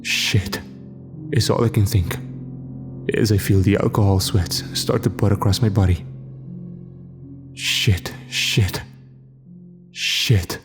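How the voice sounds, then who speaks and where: Male horror narrator, low steady voice, faint music under. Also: moderate pace. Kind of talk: scripted first-person horror narration.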